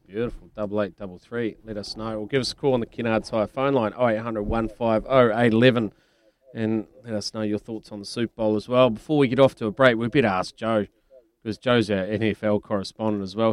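A man's voice: fairly low pitch, fairly even intonation, brisk. A man hosting a sports radio show, chatty and teasing, laughing often. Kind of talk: casual radio chat.

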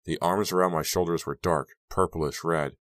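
A man reading a teen horror audiobook aloud in steady, dramatic first-person narration. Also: sits low, normal speed, no echo, clean studio sound. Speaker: audiobook reader.

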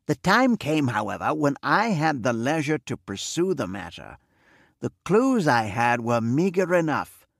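A man reading the part of a wealthy, reserved middle-aged man who speaks in a measured, formal way. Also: medium pitch, sing-song, vocal fry, no echo, clean studio sound, exaggerated voice. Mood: earnest. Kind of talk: audiobook character reading.

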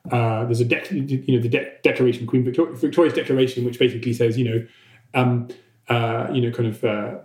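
A man's voice: medium pitch, fairly even intonation, brisk, a little mellow, echoey room. A man, a historian, explaining history off the cuff on a podcast, with many fillers, repeated words and restarts. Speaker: historian answering listener questions.

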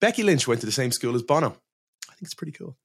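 A man's voice: mid-range voice, sing-song, racing, breathy edge. An Irish man co-hosting a podcast, playful and good-humored in casual chat. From Ireland. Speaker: podcast co-host.

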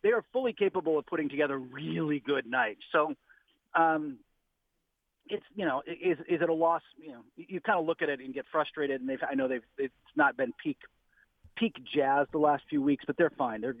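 A man calling in as a basketball writer, talking casually and rambling with quick asides and restarts. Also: medium pitch, no echo. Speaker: basketball writer, radio guest. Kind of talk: casual sports talk on a phone line. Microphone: phone. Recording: tinny phone line.

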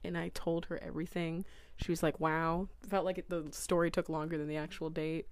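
A woman's voice: deep voice, a little fast, dry recording. A young woman co-hosting a casual chat, telling a dating story with lots of laughter and acted-out quotes. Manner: animated, laughs often, acts out quoted voices.

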